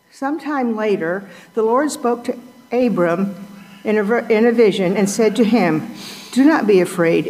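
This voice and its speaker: A woman's voice: medium pitch, warm tone. Woman reading scripture in a reverberant hall. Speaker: scripture reader. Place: church sanctuary.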